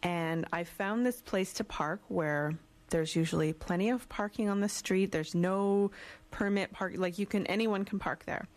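A woman's voice: medium pitch, measured pace. A woman hosting a radio show, telling a casual anecdote with frequent restarts. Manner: chatty, hesitant restarts. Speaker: radio host.

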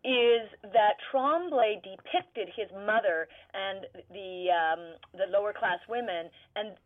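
An animated woman, a stage actor, chats in a radio interview, laughing often and stopping to search for the right word. Her voice sits at a middle pitch and comes through a narrow, phone-like band. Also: takes it slowly. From Canada. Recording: tinny phone-line sound.

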